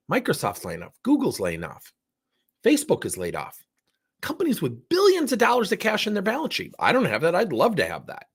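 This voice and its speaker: A middle-aged man who trains coaches tells a story during a session in a husky, medium-pitched voice. He is animated, acting out the dialogue with theatrical flair.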